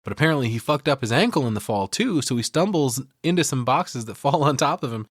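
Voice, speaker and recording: A man's voice: mid-range voice, expressive, fast talker, dry recording, clean studio sound. A man hosting a podcast, casually and profanely breaking down a film scene by scene. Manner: profane, retells scenes with mimicked lines. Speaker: podcast host.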